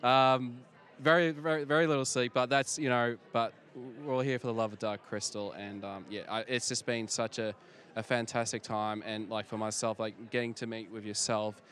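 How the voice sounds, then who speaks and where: A man's voice: mid-range voice, steady tone, fairly bright tone. A male interviewer caught on the spot at an outdoor fan convention. He speaks casually in a mid-range voice, stumbling and restarting as he gathers his words. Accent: non-local accent. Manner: halting, many restarts and fillers.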